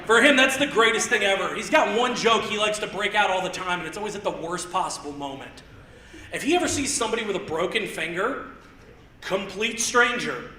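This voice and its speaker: A man in his thirties doing live stand-up comedy on a theater stage, rambling and self-deprecating with quick asides. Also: sits high, sharp tone. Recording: roomy theater sound, mic heard from a distance.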